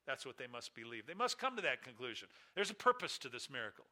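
A man preaching a sermon, emphatic, with big swings in loudness and pitch. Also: sing-song, quick pace. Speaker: pastor.

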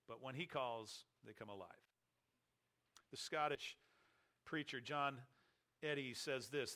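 A man preaching a sermon, emphatic, slowing down and leaning on key words. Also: mid-range voice, bright, forceful tone.

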